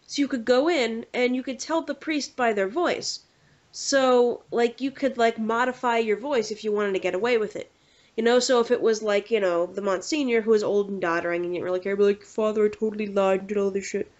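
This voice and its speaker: A woman hosting a podcast, telling rambling, animated stories in casual chat. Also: fairly high pitch. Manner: animated, rambling, quick to slip into quoted voices. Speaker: podcast host. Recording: dull lo-fi podcast audio.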